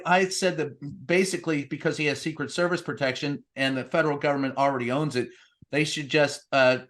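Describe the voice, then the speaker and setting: A man's voice: on the high side, a bit bright. A man hosting an interview, conversational and joking, with loose, restarting phrasing. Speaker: host.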